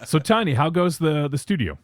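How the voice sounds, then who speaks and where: A man's voice: on the high side, sing-song, fairly quick, dry recording, clean studio sound. A man hosting a podcast in casual chat, laughing often and reading out messages from the chat. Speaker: podcast host.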